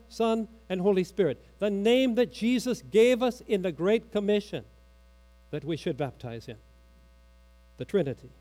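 High-voiced male pastor preaching. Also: dark tone. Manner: teaching with questions, quoting catechism aloud, dramatic drops. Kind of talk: sermon.

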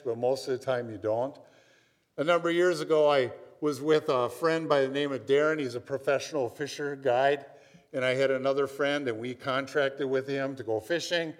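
A man from Minnesota preaching a sermon, telling stories in a conversational way and often checking in with "right?". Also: medium pitch. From Minnesota, USA. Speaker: pastor. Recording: long hall reverb.

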